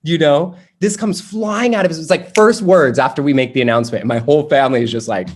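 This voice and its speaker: A young adult man teaching a workshop, telling a family story in a loose, animated way with many fillers like "you know" and "like". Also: on the high side, fast. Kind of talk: personal storytelling in a workshop talk.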